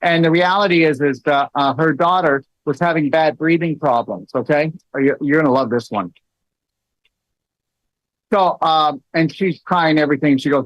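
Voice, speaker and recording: A middle-aged man hosting a casual talk, telling stories with many fillers and animated asides. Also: a little high, fairly quick, no echo. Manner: storytelling, many fillers, rising into animated quoted lines. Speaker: host. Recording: dull, dry lo-fi sound.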